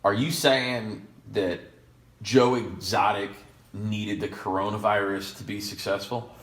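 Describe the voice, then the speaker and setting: A man's voice: lowish voice, steady tone, measured pace, fairly bright tone. A man co-hosting a podcast in casual chat, rambling and sarcastic with jokey asides. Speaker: podcast co-host. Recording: echoey room.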